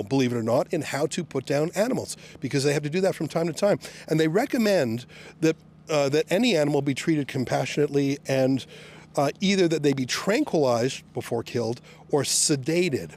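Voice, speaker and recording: A man reporting on location outdoors, sarcastically shouting questions at police officers. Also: a little high, expressive, brisk. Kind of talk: on-the-scene questioning.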